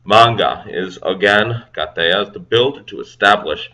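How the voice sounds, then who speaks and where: Man, deep voice, crisp bright tone, self-study language lesson, slow careful phrases, quick asides. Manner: reads phrases slowly, then translates in quick asides. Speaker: language learner and video host.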